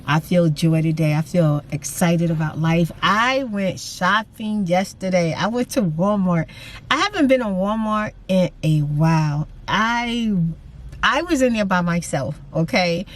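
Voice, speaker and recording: A middle-aged woman hosting her vlog in casual, animated chat, calling her viewers y'all and saying freaking often. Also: fairly low pitch, measured pace. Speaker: vlogger and host.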